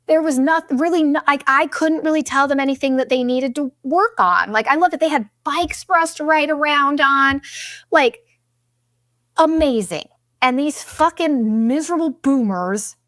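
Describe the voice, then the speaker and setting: Young woman, podcast host, higher pitch, dry close sound, swearing, animated storytelling. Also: no room sound. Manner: profane, animated, exaggerated retelling. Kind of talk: casual storytelling.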